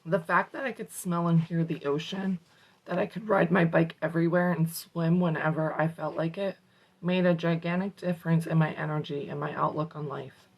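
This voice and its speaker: A woman reads a self-help book aloud in a lowish voice with a gravelly fry. She breaks off for casual, salty asides in a sassy tone. She is a motivational host working through a chapter. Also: fairly even intonation, normal speed, a little mellow, low-quality recording.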